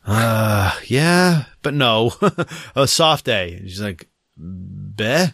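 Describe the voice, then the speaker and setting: A man's voice: mid-range voice, takes it slowly, no echo, clean studio sound. A man in his thirties, a father, chatting casually and acting out his children's voices as he tells stories. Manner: animated storyteller, mimics his kids' voices. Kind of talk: casual chat.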